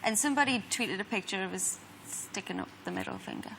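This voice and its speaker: A chatty woman with a Geordie accent, giggling through her stories as a talk-show guest. Her voice sits at a middling pitch, with clear noise in the studio recording. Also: fast talker, fairly bright tone. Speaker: singer guest.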